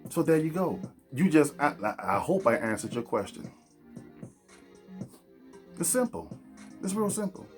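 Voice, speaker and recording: A man holds forth as a podcast host, blunt and preachy, talking straight at his audience. His voice sits at a middle pitch. A little music plays faintly behind him. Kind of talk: opinionated podcast monologue.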